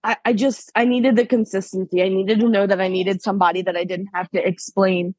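A woman's voice: mid-range voice, flat delivery, fairly quick, a little mellow, slightly rough, dry recording. A young woman from Pennsylvania, a podcast guest, telling a personal story in a chatty way, laughing often and acting out past conversations. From Pennsylvania, USA. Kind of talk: casual storytelling interview.

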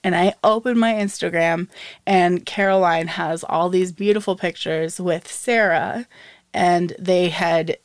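A woman's voice: fairly low pitch, fairly even intonation, unhurried, no room sound. A young woman co-hosting a podcast, chatting casually and telling stories, acting out what people said and laughing often. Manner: chatty storytelling, acts out quotes with laughs. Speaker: podcast co-host. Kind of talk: casual chat.

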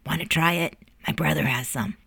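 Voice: medium pitch, normal speed, vocal fry, sharp tone, slightly rough, no echo, studio quality, heavily acted. A narrator voicing a sly teenage boy who teases and pushes his friend in a pushy, smirking way. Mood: knowing. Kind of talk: audiobook character voice.

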